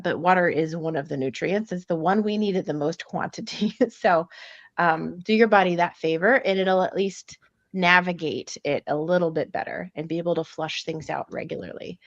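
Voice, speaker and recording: A woman's voice: on the low side, dry recording. A woman coach giving casual nutrition advice on a group video call, chatty, with frequent laughs and ums. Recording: muffled video-call audio.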